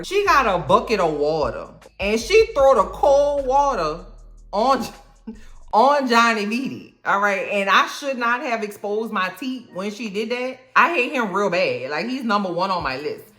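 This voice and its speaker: A woman's voice: medium pitch, a bit bright. A woman hosting her own channel, recapping a TV episode in a sassy, joking, slang-filled way. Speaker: video host. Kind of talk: casual TV recap reaction.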